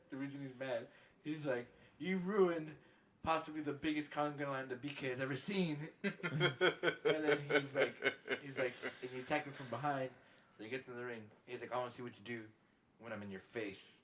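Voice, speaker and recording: A man's voice: medium pitch, normal speed, a bit bright. A man co-hosting a wrestling podcast in casual chat, laid-back and swearing as he retells what he watched. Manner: laid-back, swears often, retells scenes with quoted asides. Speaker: podcast co-host.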